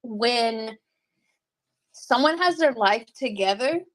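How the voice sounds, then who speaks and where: A woman livestreaming and reading her chat, talking bluntly with lots of cursing and quick laughs. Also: fairly high pitch, lively intonation, no room sound. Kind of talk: casual livestream commentary.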